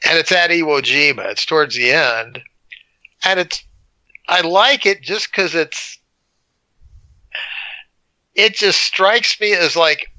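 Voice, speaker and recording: A man co-hosting a casual movie review podcast, telling a scene as an animated storyteller who acts out the moments. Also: fairly high pitch, slow, long pauses, dry recording, low-quality recording. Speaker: podcast co-host.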